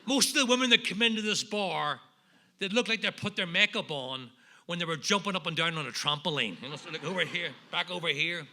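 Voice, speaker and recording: Bright, high Northern Irish man. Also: expressive, fairly quick. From Northern Ireland. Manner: wry, self-deprecating storyteller with punchlines. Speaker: recovery meeting speaker. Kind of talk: humorous personal recovery talk.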